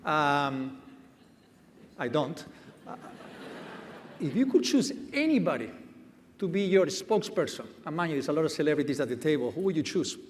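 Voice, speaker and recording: A man's voice: on the high side, big pitch swings, moderate pace, pauses often, slight background noise. A man, a company chief executive, telling a self-deprecating story on a conference stage. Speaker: medtech company CEO. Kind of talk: onstage anecdote telling. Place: large conference hall stage. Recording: reverberant conference hall.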